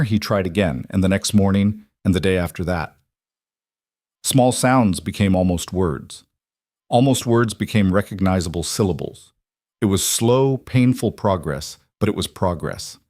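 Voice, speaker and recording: A man narrating a western story in a calm, measured way. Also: low-pitched, no room sound, clean studio sound.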